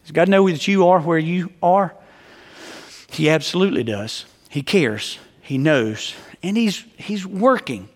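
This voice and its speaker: A man in his fifties, a pastor preaching a sermon in a relaxed, joking, emphatic storytelling way. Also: a little high, measured pace. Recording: long reverb of a large hall.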